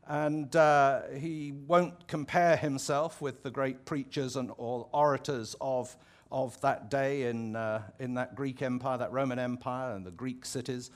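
A man's voice: mid-range voice, steady tone, a little slow. A man with an English accent, a pastor preaching a sermon in a conversational, reflective way, often restarting his phrases and adding asides. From England.

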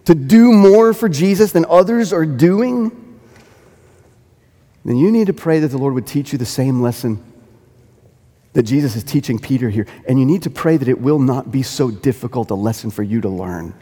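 A man's voice: medium pitch, expressive, a little fast, mellow, breathy edge, in a large hall. A man preaching a sermon as pastor, earnest, repeating phrases for emphasis and lifting into quoted dialogue.

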